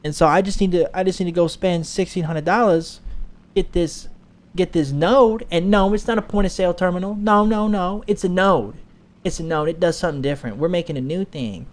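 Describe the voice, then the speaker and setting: A man's voice: high voice, brisk, voice pushed up, close to an everyday voice. A man voicing a sixty-three-year-old woman with a Southern twang, a self-assured former finance worker who rambles insistently in broken grammar.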